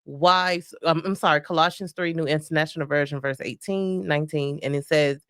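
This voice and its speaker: A woman's voice: low-pitched, fairly even intonation, moderate pace, few pauses, no room sound, studio quality. A woman from the Southern United States co-hosting a marriage podcast, speaking earnestly and openly about her feelings. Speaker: podcast co-host. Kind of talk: casual conversation with spouse.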